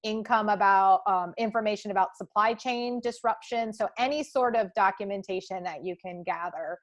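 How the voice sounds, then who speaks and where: A woman's voice: medium pitch, moderate pace. A young woman presenting a live webinar, answering questions with frequent ums.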